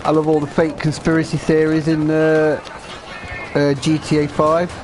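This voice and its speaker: A man's voice: a little high, monotone, moderate pace, noisy background. Sweary man streaming a shooter game. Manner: sweary, joking, mutters while playing; talking with a cigar in his mouth. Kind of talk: casual live-stream commentary.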